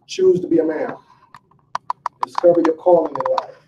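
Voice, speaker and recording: A man delivers a fiery motivational talk to a room full of listeners, his rather high voice driving home each point with rhetorical questions and loose, casual phrasing. He is caught from a distance in an echoing room. The sound is dull, with faint ambient noise underneath. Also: moderate pace. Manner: emphatic and preachy, with rhetorical questions to the crowd; colloquial, casual street phrasing. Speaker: motivational speaker. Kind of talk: motivational speech to a live room. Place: large room with a live audience.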